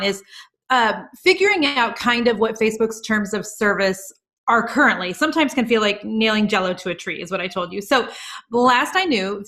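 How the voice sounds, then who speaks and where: A woman's voice: mid-range voice, a bit bright. A woman being interviewed over a video call, an entrepreneur talking emphatically and piling up examples in casual chat. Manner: emphatic, rapid-fire talker who lists examples. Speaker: guest entrepreneur.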